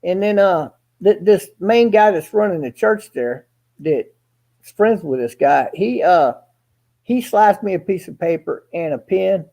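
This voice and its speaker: A man with a husky, dark voice spins a rambling story in a casual, folksy way. His pitch swings widely as he acts out every exchange of dialogue, and he drops in the occasional curse word. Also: animated, unhurried. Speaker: guest storyteller.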